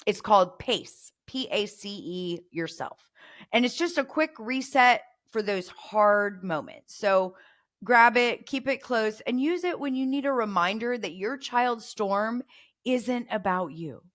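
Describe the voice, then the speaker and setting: A woman's voice: medium pitch, expressive, a little slow, a bit bright. A middle-aged woman hosting a parenting podcast, coaching listeners and acting out example phrases to say to a child. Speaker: podcast host.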